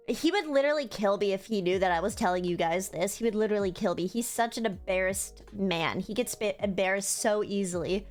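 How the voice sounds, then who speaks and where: A young woman streamer telling a story in casual, rambling livestream chat, emotional and swearing freely. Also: mid-range voice. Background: faint music.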